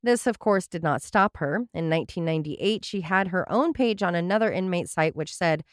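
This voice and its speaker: A woman's voice: lowish voice, moderate pace, no room sound. A woman hosting a casual podcast, telling stories with dry, sarcastic asides. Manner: wry, sarcastic asides while reading a story. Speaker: podcast host.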